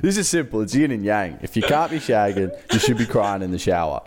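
A man's voice: on the low side, sing-song, brisk, a crowd in the background. A man co-hosting a podcast, goofy and giggly, cracking jokes. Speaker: podcast co-host. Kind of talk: casual banter.

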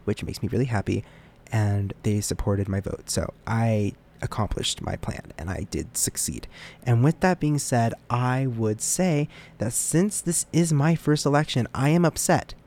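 A young American man with a mellow, mid-range voice hosts a casual solo podcast. He rambles, puts himself down, and often stumbles over his words.

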